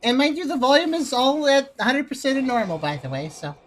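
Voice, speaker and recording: A woman talks through a video game in a loose, joking way. Her voice sits a little higher than most. She addresses her viewers directly and chats as she plays. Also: expressive, fairly quick, poor audio. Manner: chatty, joking, wry. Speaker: gaming video host. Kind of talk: casual let's-play commentary.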